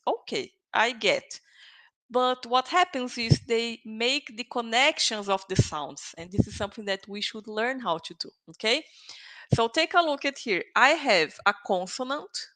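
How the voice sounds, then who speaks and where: A woman's voice: a little high, lively intonation, moderate pace, sharp tone. A woman with a Brazilian Portuguese accent teaching English vocabulary, patiently repeating phrases to drill pronunciation. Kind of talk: online vocabulary lesson.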